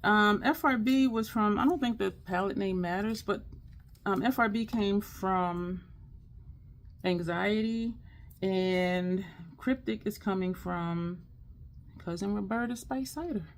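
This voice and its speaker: Gravelly-voiced woman hosting a makeup chat. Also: medium pitch, takes it slowly. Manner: chatty, upbeat and affirming, talks straight to viewers. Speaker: makeup channel host. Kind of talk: casual makeup tutorial chat.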